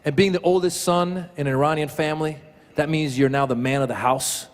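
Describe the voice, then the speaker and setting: A middle-aged man performing a stand-up comedy set before a live audience, telling animated stories and slipping into character voices. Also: on the high side, fairly quick. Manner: animated storytelling, switching into accented character voices. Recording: loud crowd and noise from a live show.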